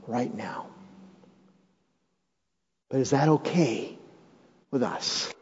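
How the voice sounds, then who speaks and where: A male pastor preaching a sermon, swinging from hushed, drawn-out phrases to raised, urgent appeals and calling on the congregation to repeat lines after him. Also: medium pitch, slightly rough. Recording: dull, lo-fi sound with long hall reverb.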